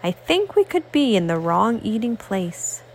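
A woman voicing a fretful, grumbling farm cow in a picture book read aloud, in a slightly lowered tone. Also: very animated, a little slow, rough recording.

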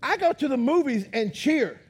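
A man preaching a lively sermon as pastor in a church, talking loud, excited and animated. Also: very high voice, normal speed, a little hiss or hum. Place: church auditorium.

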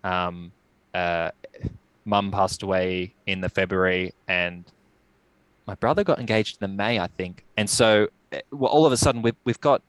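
A young man telling his story as a guest, reflective and halting with many restarts. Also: deep voice, clear, resonant tone, no echo, rough recording. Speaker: podcast guest. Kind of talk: casual storytelling.

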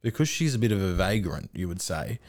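A man's voice: low-pitched, sing-song, brisk, a little mellow. A man, co-hosting a podcast and telling a rambling, laughing, sweary anecdote. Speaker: podcast co-host. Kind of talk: casual chat.

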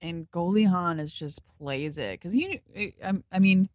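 A woman's voice: fairly low pitch, a little slow, no echo, studio quality. A young adult woman co-hosting a podcast, chatting casually about a film, laughing often and swearing freely. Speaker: podcast co-host. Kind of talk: casual movie commentary chat.

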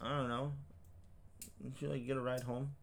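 A man's voice: mid-range voice, level tone, normal speed, vocal fry, a little hiss or hum. A man co-hosting a podcast in casual chat, joking crudely, laughing often and talking with many fillers. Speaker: podcast co-host.

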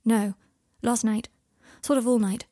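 A woman's voice: fairly high pitch, steady tone, unhurried, dark tone, no echo, clean studio sound. A woman voicing a miserable young man in his twenties, speaking hesitantly and often in a whisper.

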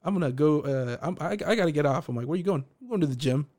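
Laid-back young man, slightly high voice. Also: lively intonation, quick pace, a little mellow. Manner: laid-back, short reactions, laughing. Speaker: podcast co-host. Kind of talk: casual chat.

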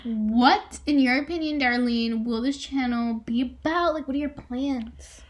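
A woman's voice: high-pitched, a little slow. A young American woman co-hosting a casual podcast, teasing and giggly as she fires off questions. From United States. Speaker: podcast co-host. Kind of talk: casual chat.

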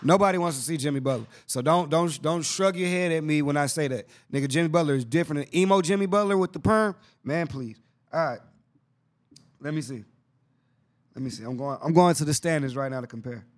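Casual podcast host, male, a little higher-pitched, excitable, slangy and repetitive. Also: brisk. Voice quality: excitable, slangy, repeats himself. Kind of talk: casual basketball chat.

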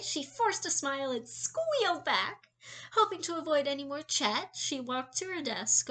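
A woman narrating a fan fiction story in a lively way, with some slips and restarts. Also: on the high side.

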